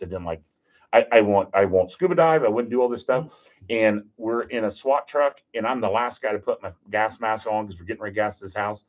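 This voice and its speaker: Animated man telling stories. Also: fairly low pitch. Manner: animated, jokey, acts out quotes. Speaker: podcast guest. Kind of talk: casual storytelling. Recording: dull lo-fi podcast audio.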